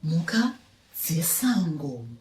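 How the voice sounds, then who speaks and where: A woman narrates for toddlers in a soft, encouraging way and speaks slowly. She sounds distant, in an echoey space. A faint hiss sits under her voice. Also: deep voice, big pitch swings. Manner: soft, encouraging, sometimes whispering. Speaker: narrator of a children's lesson. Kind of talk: gentle storytelling narration for toddlers.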